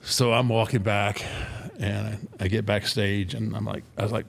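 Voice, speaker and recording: Gravelly low-voiced older man telling a story. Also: normal speed. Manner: animated retelling, acts out quotes, frequent restarts. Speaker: former wrestler telling a story. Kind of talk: casual storytelling on a podcast.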